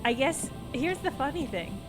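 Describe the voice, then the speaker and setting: A woman streaming a video game live, chatting in a self-mocking, giggly and animated way. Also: high-pitched, moderate pace, music in the background.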